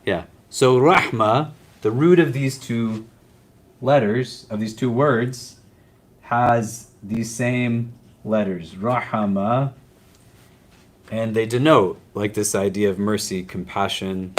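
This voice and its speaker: A man's voice: fairly low pitch, takes it slowly. A man teaching a class on prayer in a casual, conversational way, often checking in with his students.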